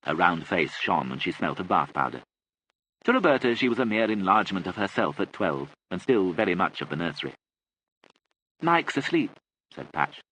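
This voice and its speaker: A man narrating an audiobook with expressive, measured storytelling. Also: low voice, a little hiss or hum, poor audio. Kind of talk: scripted narration.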